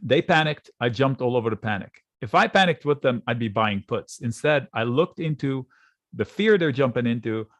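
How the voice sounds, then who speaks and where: A man teaching options trading in a relaxed, conversational way, acting out panicked traders in quick asides while he draws on charts. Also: medium pitch, no echo. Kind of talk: screen-share trading lesson. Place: at a computer, drawing on charts.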